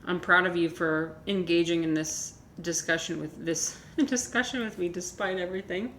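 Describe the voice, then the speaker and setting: Casual woman streamer, talks in loose rambling bursts; low-pitched, recorded in an echoey room. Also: moderate pace, fairly bright tone. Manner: chatty, rambling, many fillers and restarts. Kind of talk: casual chat with viewers. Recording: echoey room with faint noise.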